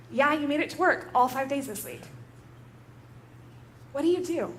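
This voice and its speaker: Woman pastor, high voice, chatty storytelling sermon, church, faint background hiss. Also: expressive, normal speed. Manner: conversational, relatable storytelling.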